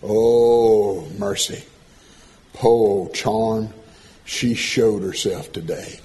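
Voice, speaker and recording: A man preaching a sermon, folksy and animated, swinging from loud calls to soft asides. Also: fairly low pitch, drawn-out words, a little hiss or hum.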